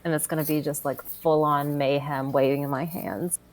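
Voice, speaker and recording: A woman playing a tabletop game, talking in a relaxed, casual way. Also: low voice, moderate pace, echoey room. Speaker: player.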